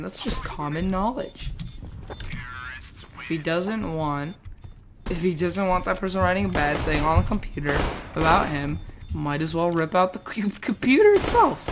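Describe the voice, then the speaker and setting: Woman, fairly low voice, casual rambling storytelling, swears and laughs, gaming at the same time, faint hiss and clicks behind. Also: unhurried. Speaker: gamer telling a school story. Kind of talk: casual storytelling while playing a game.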